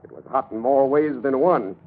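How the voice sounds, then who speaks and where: An actor playing a cocky, boastful gangster turned informant in a 1930s radio drama. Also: male voice, medium pitch, normal speed, lightly acted. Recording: narrow lo-fi old radio recording with faint hiss.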